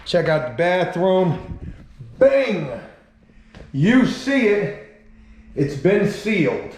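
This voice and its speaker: A man's voice: high-pitched, very animated, slow pace, a little mellow. A man talking casually and joking, with plenty of swearing, as he walks through his home renovation for a vlog. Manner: laid-back, profane, joking. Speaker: vlogger. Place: house under renovation, bathroom. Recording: echoey room, faint background noise.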